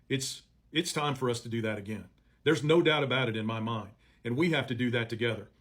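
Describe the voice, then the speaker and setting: A man gives a measured, earnest appeal in a mid-range voice. His voice is slightly husky. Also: mid-range voice. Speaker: advocate addressing farmers. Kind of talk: earnest speech to camera.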